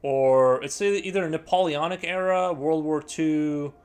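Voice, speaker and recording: A man's voice: on the high side, unhurried, darkish tone, smooth. A man live-streaming while he paints, chatting casually in a rambling, hesitant way full of fillers and restarts.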